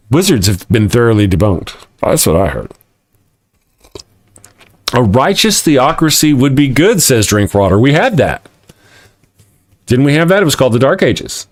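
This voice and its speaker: Reading out viewers' comments with frequent laughter, a middle-aged man hosts a morning show by live stream, his talk rambling and self-deprecating. He has a Texas accent and a voice of medium pitch.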